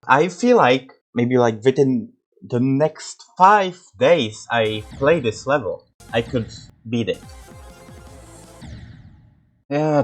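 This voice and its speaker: A man giving casual commentary over his own gameplay, exasperated and swearing often. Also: medium pitch.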